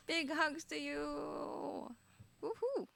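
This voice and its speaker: A woman's voice: sits high, extremely slow, creaky, a bit bright, soft background music. A woman with a mixed Australian and British accent, chatting casually as a guest on a livestream, bubbly and laughing often. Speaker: guest singer.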